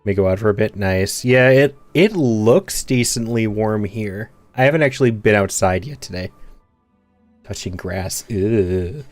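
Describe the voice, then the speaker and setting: A man's voice: fairly low pitch, moderate pace, few pauses, no room sound, soft background music. Dry, close-miked streamer guy. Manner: relaxed, wry and chatty. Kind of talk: casual gaming stream chat.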